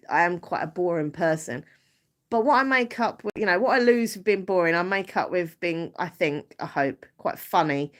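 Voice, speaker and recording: Chatty Essex woman on a live stream. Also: fairly low pitch. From Southend-on-Sea, Essex, England. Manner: chatty, giggly, self-deprecating. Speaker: YouTuber hosting a live stream. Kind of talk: casual live-stream chat.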